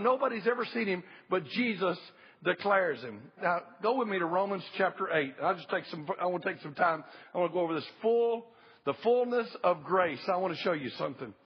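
High, very husky male pastor, emphatic and repetitive, muffled lo-fi church tape. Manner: emphatic, repeats key phrases, calls for amens. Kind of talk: sermon. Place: church service.

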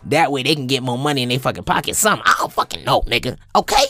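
A man in his twenties doing a profane comedic monologue as a podcast host, swinging up into high-pitched impressions. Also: big pitch swings, very fast, bright, forceful tone. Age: 20s.

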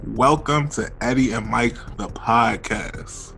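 A man with a deep voice co-hosting a sports podcast, chatting in an animated, emphatic way. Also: slow, gravelly, faint music behind. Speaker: podcast co-host. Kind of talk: casual sports podcast chat.

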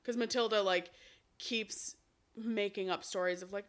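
A woman co-hosting a podcast, chatting casually as she recaps a film, telling it in an animated way and swearing freely. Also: medium pitch, unhurried. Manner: animated storyteller, acts out characters' lines. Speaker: podcast co-host.

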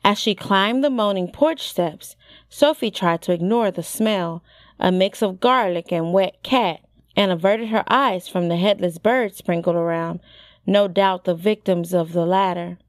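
A woman narrating a storybook in a measured, expressive reading style. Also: medium pitch, no echo, clean studio sound. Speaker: audiobook narrator.

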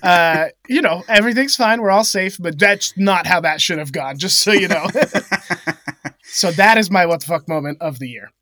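Bright, lively man telling a story. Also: high-pitched, moderate pace, dry recording, studio quality. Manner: animated, laughing often, acts out voices in stories. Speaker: podcast co-host. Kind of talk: casual storytelling chat.

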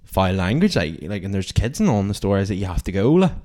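Deep fast-talking young man. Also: sing-song, dark tone. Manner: rambling, lots of "like" fillers. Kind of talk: casual chat, storytelling.

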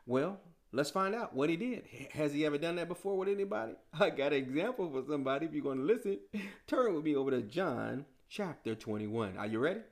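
Preacher, male, casual slangy sermon delivery with rhetorical questions; animated, fairly high voice. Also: a little fast.

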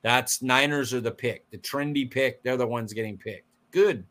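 A man co-hosting a sports podcast, fired up and blunt, mocking pundits in quick bursts. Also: mid-range voice, a bit bright. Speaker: podcast co-host. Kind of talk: casual sports chat.

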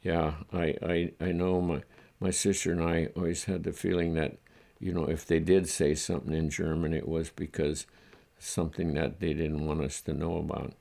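This older man speaks in a deep, gravelly voice. He remembers his youth in a slow, halting way during an oral history interview. He breaks off now and then with a soft chuckle. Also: level tone. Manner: halting, reflective, chuckles softly. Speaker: interviewee recalling his childhood.

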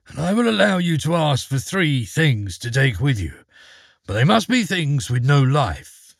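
A stately old king lays down his terms in formal, measured words, as a man voices him. The voice is lifted above his own and slightly husky. Close, dry reading. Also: fairly high pitch, big pitch swings, no room sound, voice pushed up, heavily acted.

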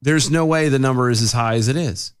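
A man's voice: medium pitch, fairly quick, smooth. A man co-hosting a casual podcast, reading news quotes aloud and ranting in exasperation. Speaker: podcast co-host.

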